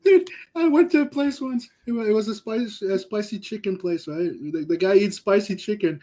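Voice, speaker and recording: A man on a casual talk show, swapping crude stories in an excitable, laughing way. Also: sits high, normal speed. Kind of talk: casual chat, anecdote telling.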